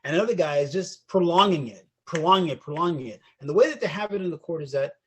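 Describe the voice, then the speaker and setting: A man co-hosting a casual podcast, telling a story and acting out the people in it, sometimes shouting their lines. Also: a little high, fast talker, husky. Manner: animated storyteller, acts out voices and shouts. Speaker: podcast co-host.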